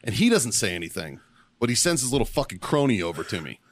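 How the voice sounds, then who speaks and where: Man, podcast co-host, loud swearing yarn-spinner, lively pitch, dry close mic. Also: fast, no echo. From Baltimore, Maryland. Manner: loud, swearing, animated storyteller. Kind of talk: profane storytelling among friends.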